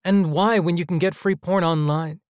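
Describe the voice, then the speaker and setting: A flustered teenage boy, awkward and hesitant, stammering under pressure, put on by a man. He sits noticeably higher than the storyteller's own voice, in a dry, close sound. Cornered but loyal, he fumbles his words. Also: steady tone, normal speed, clear, resonant tone, no echo, close to an everyday voice. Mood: defensive.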